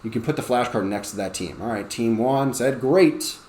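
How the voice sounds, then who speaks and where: A man's voice: on the low side, brisk, darkish tone. A male ESL teacher talks other teachers through a lesson plan in a conversational way, often checking in with "okay?". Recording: roomy with faint background noise.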